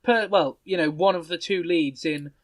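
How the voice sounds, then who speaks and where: A man's voice: fairly high pitch, normal speed, no room sound. A man co-hosting a casual podcast, chatty and often laughing as he talks. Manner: chatty, laughs while talking. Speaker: podcast co-host.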